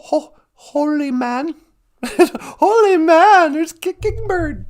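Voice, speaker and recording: A man hosts a livestream and retells a film as a loose, jokey story, correcting himself as he goes. His voice is gravelly and high, with an easygoing, rambling manner. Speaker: livestream host. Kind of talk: casual comic storytelling.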